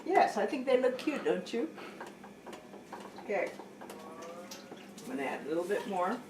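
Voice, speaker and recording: A middle-aged woman giving a casual cooking demonstration at home, chatty and often pausing to say okay and correct herself. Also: medium pitch, big pitch swings. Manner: chatty, keeps saying okay, corrects herself mid-sentence. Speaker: home cook teaching a family recipe. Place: home kitchen. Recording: echoey room, distant mic, faint hiss.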